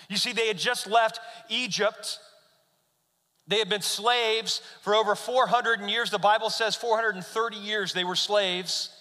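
A man, a pastor, preaching a sermon as an animated storyteller who asks his congregation questions. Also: high-pitched, big-room sound.

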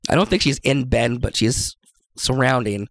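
A man's voice: medium pitch, moderate pace. A man from the Seattle area hosting a casual interview, joking and self-deprecating. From Seattle area, USA. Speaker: podcast host.

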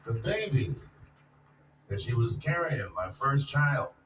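A man's voice: medium pitch, big pitch swings, slow pace, music in the background. A man in his forties performing a stand-up comedy set, telling loose, profane stories that build to punchlines in a large live venue. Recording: echoey live venue, distant mic, audience noise.

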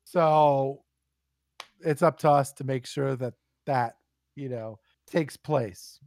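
A man telling profane, animated stories in a casual podcast chat. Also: mid-range voice, slow pace, no echo.

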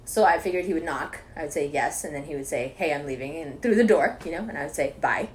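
A woman in casual chat, telling a story with animated bursts of laughing shouts. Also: low-pitched, fast, a little hiss or hum.

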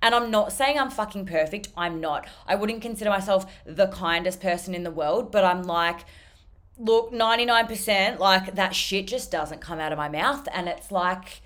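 A young woman hosting a casual solo podcast, blunt and animated, swearing constantly and saying "like" a lot. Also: medium pitch, normal speed. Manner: animated, jumps between loud and soft. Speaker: podcast host.

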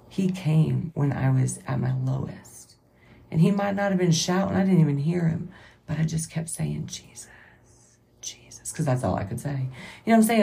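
A woman's voice: sits low, gravelly, warm tone. A woman, hosting a podcast as a rambling, self-correcting, emotional faith-based monologue. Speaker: podcast host.

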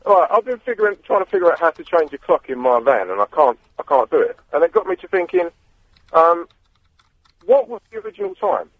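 A male caller on a radio phone-in, musing out loud in a rambling way. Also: a little high, huge pitch swings, brisk, breathy edge, no echo. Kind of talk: phone-in chat. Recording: tinny phone line.

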